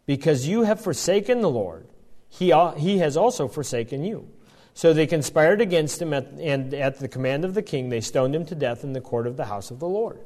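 A man's voice: fairly high pitch, expressive, moderate pace, dark tone. A man teaching from the Bible, reading passages aloud and explaining them as he goes, with frequent restarts.

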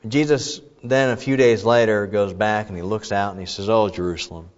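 A man gives a sermon in a loose, conversational way, full of fillers and false starts. Now and then he shouts loud and high as he acts out the crowd. His voice rings with a long hall echo and sounds slightly dull. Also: normal speed. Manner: conversational with many fillers and restarts. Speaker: preacher.

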